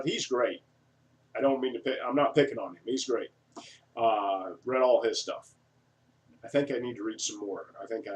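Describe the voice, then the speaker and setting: A man giving an energetic, self-described eccentric video monologue, acting out excited buyers in a raised voice. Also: lowish voice, recorded from a distance. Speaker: online marketing reviewer.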